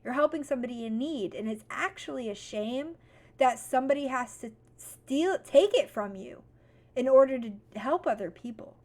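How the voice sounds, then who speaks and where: A young woman vlogger giving a motivational talk, blunt and profane, swinging from calm advice to loud venting. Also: high voice, moderate pace.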